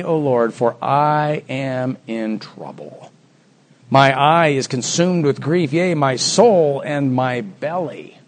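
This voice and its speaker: A man preaching a sermon, acting out the voices of the Bible story with dramatic swings from soft to loud. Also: fairly high pitch.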